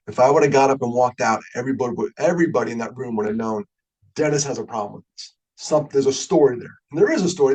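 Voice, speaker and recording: A man's voice: medium pitch, quick pace, darkish tone, slightly rough, low-quality recording. A middle-aged man from New York giving a conversational webinar talk, joking and openly emotional as he goes. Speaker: guest speaker.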